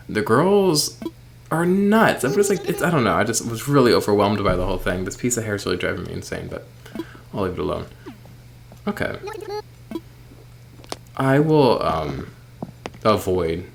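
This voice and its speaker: Sleepy rambling man, gravelly voice. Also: low-pitched, slight background noise. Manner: rambling, self-deprecating, bursts of excited squeals. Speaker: streamer. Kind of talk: late-night casual gameplay chat.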